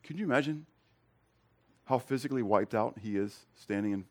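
Speaking at a normal speed, a male pastor delivers an expository sermon in a conversational way. He poses questions straight to his congregation and alternates forceful, loud emphasis with soft, low comments.

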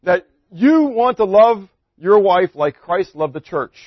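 Man, middle-aged, pastor, sermon, joking and conversational, rhetorical questions, slightly high voice, dull dry recording. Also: animated, unhurried, no room sound.

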